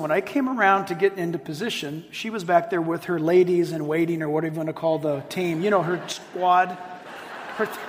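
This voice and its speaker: A middle-aged man preaching a sermon to a live audience, telling stories with animated, emphatic repetition. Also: fairly high pitch, a little hiss or hum. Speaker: pastor. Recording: long hall reverb.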